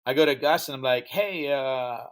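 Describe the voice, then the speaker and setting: At normal speed and medium pitch, a non-native English speaker narrates a story during a podcast interview. The guest, who founded a music festival, is an animated storyteller who performs the voices of those in it.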